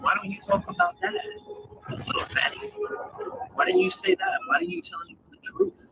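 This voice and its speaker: Man ranting profanely over loud music. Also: extremely high pitch, wildly swooping pitch, normal speed, vocal fry. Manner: profane, taunting, repeats challenges. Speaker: ranting video poster. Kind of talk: confrontational rant to camera. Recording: lo-fi clip under loud music.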